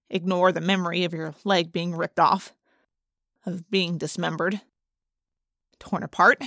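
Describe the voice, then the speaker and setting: A woman narrating a first-person audiobook in a brisk, expressive way. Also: lowish voice, vocal fry, no echo, clean studio sound.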